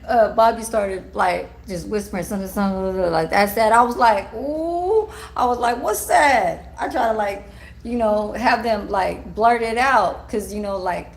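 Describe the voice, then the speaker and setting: A woman who works at a care home, telling a casual, animated story. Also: medium pitch. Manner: gossipy, animated, swears and laughs while telling.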